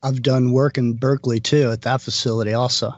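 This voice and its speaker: A man talking casually on a live show, speaking haltingly with many restarts. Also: medium pitch, level tone, a little mellow, no echo, lo-fi sound.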